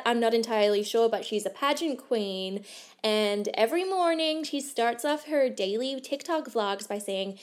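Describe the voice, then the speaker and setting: A young woman hosting a podcast in a casual, gossipy chat, with lots of "like". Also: medium pitch. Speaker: podcast host.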